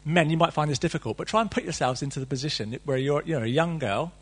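A man's voice: a little high, fast talker, husky. A middle-aged man preaching a sermon, reading scripture and then riffing on it with playful, conversational asides.

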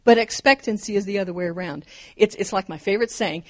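A woman's voice: mid-range voice, quick pace. A woman in her fifties or older delivers a sermon with a mid-range voice. She preaches fervently and emphatically, stacking short repeated phrases to press each point home.

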